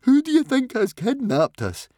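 A man's voice: extremely high pitch, huge pitch swings, normal speed, warm tone, no room sound, voice pushed up, heavily acted. A nervous young Viking boy, as a male narrator puts him on, whimpers his worries in a raised, shaky voice. He sounds small and scared, and the sound is dry and close. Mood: fearful. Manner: whimpering, fretful.

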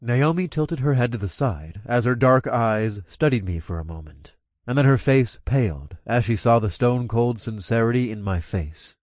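A man narrating a first-person story aloud, dropping into a low growl for his own character's lines. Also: expressive, moderate pace, a little mellow, dry recording, studio quality.

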